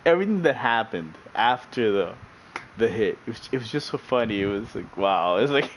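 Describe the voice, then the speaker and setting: A man's voice: mid-range voice, big pitch swings, brisk, a little hiss or hum, low-quality recording. Chatty, laughing male sim racing streamer. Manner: laughing often, repeating himself, chatty. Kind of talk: casual stream chat with viewers.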